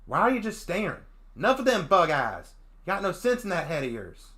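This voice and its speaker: A man voicing a rough, distrustful young dragon girl with a put-on Southern country accent, speaking low and curt with rural grammar in a visual novel reading. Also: very animated, fairly quick, pushed and bright, full character voice. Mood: guarded. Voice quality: low, frustrated, growling. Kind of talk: visual novel read-aloud.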